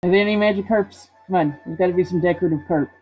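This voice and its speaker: Playful woman streamer, slightly breathy, muffled stream audio over game music. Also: on the low side, very fast. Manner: playful, reads game text aloud and jokes. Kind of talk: casual let's-play commentary.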